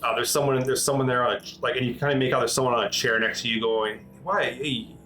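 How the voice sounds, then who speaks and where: A man's voice: medium pitch, flat delivery, racing, pushed and bright, low-quality recording. Man game master, rambling improvised narration, medium voice, faint music bed. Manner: rambling, many restarts and fillers.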